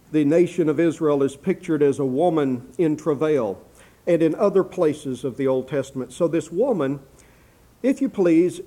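Measured man preaching a Bible sermon. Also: fairly high pitch, mellow. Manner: measured, slows for quoted scripture, repeats "if you please". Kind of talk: expository sermon.

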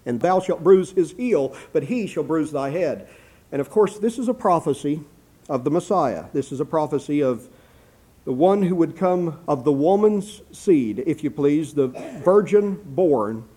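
A man preaching a sermon verse by verse, slowing down to read scripture aloud and often adding "if you please" as an aside. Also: on the high side, mellow. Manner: measured, slows for quoted scripture, repeats "if you please". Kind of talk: expository sermon.

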